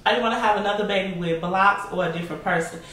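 A woman's voice: medium pitch, fast, fairly bright tone. Chatty young woman in an echoey room. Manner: chatty, laughs often, addresses viewers as y'all. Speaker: vlogger answering viewer questions. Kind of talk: casual Q&A vlog. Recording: echoey room, mic a bit far, faint noise.

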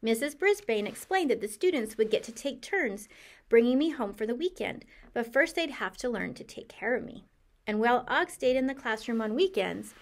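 A woman reading a children's chapter book aloud in the voice of a cheerful, curious hamster narrator, with a lively, expressive delivery. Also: fairly high pitch. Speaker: audiobook reader. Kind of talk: storybook narration.

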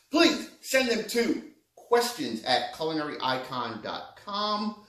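Man, chef host, playful and jokey, lively swooping pitch, slightly high voice, echoey room from a distance. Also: measured pace. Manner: playful, jokey, talks to the viewer by name. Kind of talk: casual question-of-the-day cooking talk.

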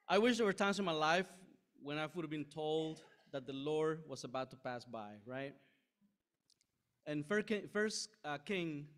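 A middle-aged man preaching a sermon, telling a story with lively asides and frequent "right?" checks to the room. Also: on the high side. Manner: animated, self-deprecating anecdote with frequent "right?" asides. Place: church sanctuary.

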